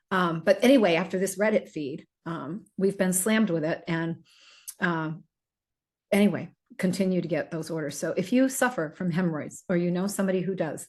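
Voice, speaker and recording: A middle-aged woman hosting a casual podcast about herbal remedies, talking in a rambling, chatty way with many fillers and restarts. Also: lowish voice. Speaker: host selling herbal remedies.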